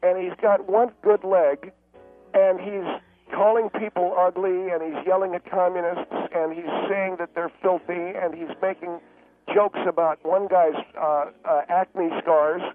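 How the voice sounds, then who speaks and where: A high-voiced man rambles down a tinny phone line with faint music behind him. He talks in halting, distracted stops and starts, trailing off and circling back. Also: little pitch movement. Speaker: caller. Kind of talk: comedic rambling phone call. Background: piano music.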